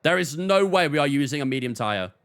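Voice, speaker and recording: A man's voice: on the high side, lively intonation, fairly quick, a bit bright, smooth. A man streaming a racing game, chatting casually with his viewers. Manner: chatty, talks to chat, often laughs off.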